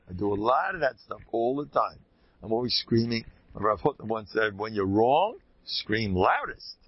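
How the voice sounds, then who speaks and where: A man, a rabbi, teaching a lively religious class, telling anecdotes with bursts of loud emphasis. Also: medium pitch, slightly rough, no room sound, lo-fi sound.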